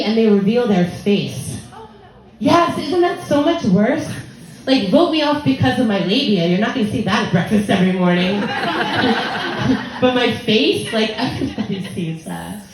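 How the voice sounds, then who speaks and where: A woman's voice: a little high, a little mellow. An American woman in her thirties performing a bawdy, conversational stand-up set on a comedy club stage, acting out the people in her stories. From United States. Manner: bawdy, conversational, acts out quoted voices. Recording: echoey club room with crowd laughter. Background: audience laughter.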